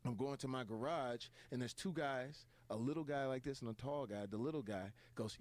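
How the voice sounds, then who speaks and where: A comedian telling stories on stage, acting out the people in them. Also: male voice, mid-range voice, moderate pace, hardly any pauses. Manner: animated, acts out quotes. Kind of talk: comic storytelling on stage.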